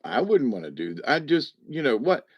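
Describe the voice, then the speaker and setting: A man's voice: mid-range voice, sing-song, a little fast, slightly rough, no echo. A man telling stories in a rambling, folksy way, often chuckling, on a dull, dry lo-fi recording. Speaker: spiritual card reader. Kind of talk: casual storytelling monologue.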